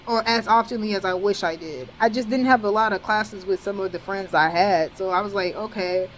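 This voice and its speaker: A young college woman tells a storytime vlog in a medium-pitched voice, talking a little fast. Her speech is casual, slangy, animated and full of cursing, packed with fillers like "bro" and "dead ass." The recording is low quality, with slight background noise.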